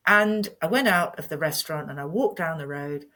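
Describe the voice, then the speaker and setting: A woman's voice: deep voice, brisk. A woman in her fifties, a podcast guest telling a personal story in an earnest, candid way. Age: 50s. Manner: earnest and candid, animated when retelling.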